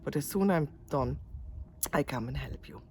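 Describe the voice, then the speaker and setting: A woman's voice: sits low, normal speed, dark tone, slight background noise, natural voice. A woman voicing a careful young worker bee who weighs what matters first in a storybook tale. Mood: considered. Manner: hesitant, weighing priorities.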